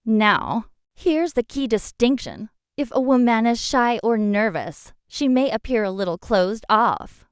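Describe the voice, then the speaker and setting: Woman narrator, fairly high voice, very lively intonation, blunt direct advice, scripted. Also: a little slow, clear, resonant tone, no echo, clean studio sound. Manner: direct second-person advice; rhetorical questions.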